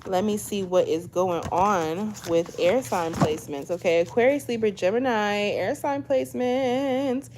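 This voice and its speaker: A woman's voice: mid-range voice, measured pace, hardly any pauses, background noise. A woman doing a casual tarot reading to camera, chatty, often tagging lines with "okay?" and addressing viewers as "y'all". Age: 20s. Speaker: tarot reader.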